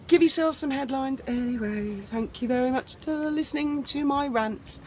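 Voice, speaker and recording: A woman's voice: high-pitched, normal speed, few pauses, darkish tone, slightly rough. A woman vlogging an angry, sarcastic rant, swearing freely and mocking people in an indignant tone. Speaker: YouTube commentator. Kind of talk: angry ranting vlog.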